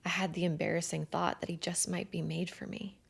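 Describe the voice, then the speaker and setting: Gravelly-voiced woman reading a romance. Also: fairly low pitch, a little fast. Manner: expressive, breathy asides, animated. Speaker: audiobook narrator. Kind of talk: first-person romance novel reading.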